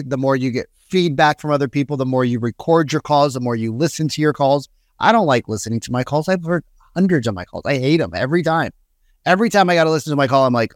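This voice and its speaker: A man's voice: fairly high pitch, no echo, clean studio sound. A man giving a direct, emphatic sales coaching talk and acting out quoted voices. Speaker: sales trainer.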